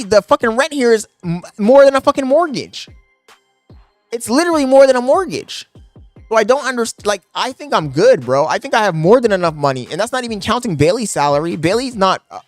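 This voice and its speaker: A young man chats with his live audience, half yelling into his microphone, swearing and laughing as he goes. His voice sits a little high and sounds dry and close. Faint music plays underneath. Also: no room sound. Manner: loud, yelling into the mic, profane, laughing. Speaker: streamer. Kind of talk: casual live-stream chat. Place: apartment. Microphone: desk microphone.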